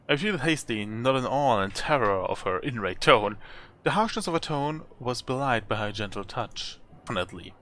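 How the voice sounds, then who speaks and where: A man's voice: medium pitch, lively intonation, normal speed, bright, forceful tone. A man hosting a let's play, reading a text adventure aloud with chatty asides and chuckles.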